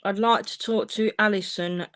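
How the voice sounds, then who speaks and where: The medium's voice is medium-pitched and steady, moving at a moderate pace during her live-streamed psychic readings. Warm and reassuring, she calls the people phoning in "darling" and "my love."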